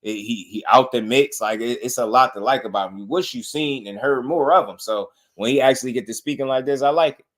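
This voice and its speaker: A man hosts a casual boxing talk show, commenting on clips in a relaxed, repetitive way and often asking "you know what I mean." He talks briskly in a mid-range voice with few pauses.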